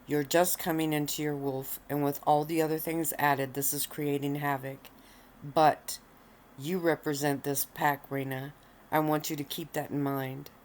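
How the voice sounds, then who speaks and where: A woman reading the lines of a stern male werewolf pack alpha, firm and measured, in a low voice. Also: flat delivery, darkish tone, a little hiss or hum. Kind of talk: read-aloud story.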